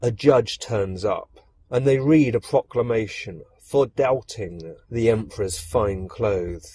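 A man narrating a dark fairy tale, expressive and speaking directly to the listener. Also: medium pitch, a little slow, husky. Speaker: storyteller. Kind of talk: dramatic storytelling narration.

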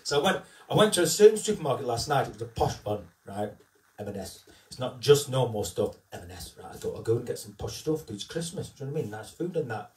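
A man's voice: medium pitch, big pitch swings, fast. A man who works as a tribute singer, chatting casually on a live stream as a storyteller who tags his lines with "right?". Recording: echoey room, distant mic.

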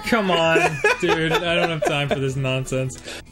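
A man's voice: a little high, measured pace, loud music behind the voice. A man teasing his co-host and laughing easily while commentating a video game. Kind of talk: laid-back let's-play banter.

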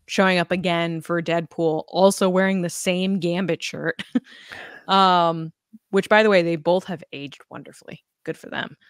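A woman's voice: lowish voice, clean tone, dry recording, studio quality. A woman co-hosting a podcast in casual chat, chatty and laughing often between many ums. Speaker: podcast co-host.

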